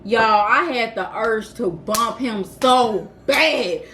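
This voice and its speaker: A woman's voice: a little high, takes it slowly, slight background noise. A woman in her twenties telling a storytime vlog story in a casual, laughing, dramatic way. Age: 20s. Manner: animated, laughing, self-described dramatic. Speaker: vlogger.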